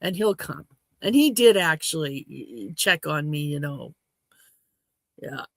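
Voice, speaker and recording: A woman from Saskatchewan hosting a casual livestream chat at home, rambling and frank, her throat a little hoarse. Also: sits low, expressive, takes it slowly, fairly bright tone, no room sound. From Saskatchewan, Canada. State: slightly hoarse throat after choking. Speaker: livestream host. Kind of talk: casual chat to a live audience.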